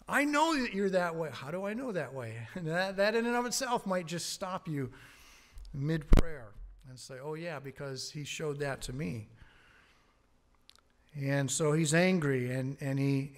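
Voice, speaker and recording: A man preaching a sermon as pastor from a church pulpit, emphatic and often chuckling between points. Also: fairly high pitch. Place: church sanctuary.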